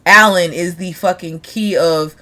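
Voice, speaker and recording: A woman's voice: lowish voice, measured pace, pushed and bright. A woman hosting a casual podcast chat over a video call, joking, teasing and swearing freely. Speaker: podcast host.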